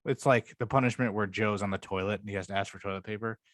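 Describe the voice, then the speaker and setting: A man co-hosting a casual podcast chat, rambling and swearing freely, sometimes jumping higher to act out quotes. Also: fairly even intonation, fast talker, no room sound, studio quality. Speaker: podcast co-host.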